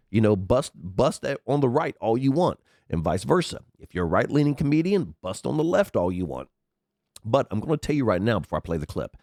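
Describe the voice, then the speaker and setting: A man's voice: darkish tone, no room sound, clean studio sound. A man hosting his own podcast, sick and congested with sniffles, talking in a rambling, chatty commentary and swearing freely into a headset mic. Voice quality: unusually deep from a cold. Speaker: podcast host. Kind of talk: casual commentary monologue.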